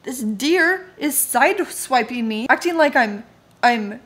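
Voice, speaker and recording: A woman's voice: sits high, animated, takes it slowly, fairly bright tone. A young woman casually telling a story to camera, chatty and laughing as she goes. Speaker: vlogger.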